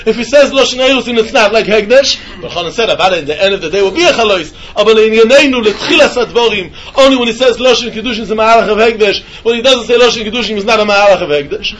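A man teaching a Talmud lesson in a yeshiva style, with an animated singsong delivery. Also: sits high, fast, few pauses, dull audio, a little hiss or hum. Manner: animated singsong, mixing Yiddish and Hebrew terms.

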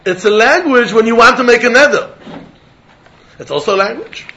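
A man teaching a Talmud lesson in an animated way, mixing English with Yiddish and Hebrew terms and often laughing as he explains. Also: very high-pitched, moderate pace. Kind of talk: Talmud lecture. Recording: dull lo-fi recording.

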